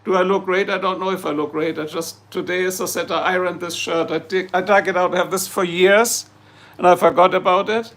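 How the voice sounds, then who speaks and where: A man's voice: high voice, steady tone, fairly quick, fairly bright tone. A man from Germany with a German accent, hosting a casual livestream and chatting to viewers in a rambling, jokey way. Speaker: livestream host. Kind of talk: casual livestream chat answering viewer comments.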